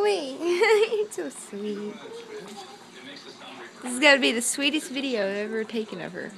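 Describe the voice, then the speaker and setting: A young mother coos at her toddler in very high, swooping baby talk, drawn out very slowly. Her voice slips into a gravelly fry at the ends of phrases. Other voices are clearly heard in the background of the home video. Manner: sing-song, cooing and praising, repeats words for the child.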